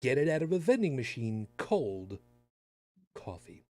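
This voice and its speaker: A man's voice: mid-range voice, big pitch swings, measured pace, darkish tone, dry recording. A man hosting a podcast in casual chat, talking with sarcastic, rambling asides. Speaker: podcast host.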